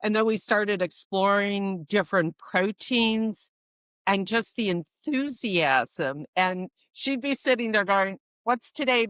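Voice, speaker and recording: A woman answering interview questions as a guest expert on dog feeding, in a measured, explanatory way. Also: on the low side, a bit bright, dry recording, studio quality.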